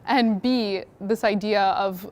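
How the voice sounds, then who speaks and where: A woman co-presenting a university workshop, telling a lively story to the audience. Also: mid-range voice, slow. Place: lecture room at a university.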